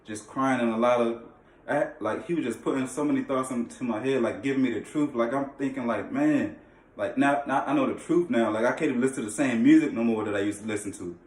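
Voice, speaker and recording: A man's voice: mid-range voice, fast. Man vlogging an earnest testimony in loose slang, recorded echoey from across the room. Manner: earnest, repetitive, slangy, often restarts phrases. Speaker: vlogger sharing a faith testimony. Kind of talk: casual personal testimony. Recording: echoey room, distant mic.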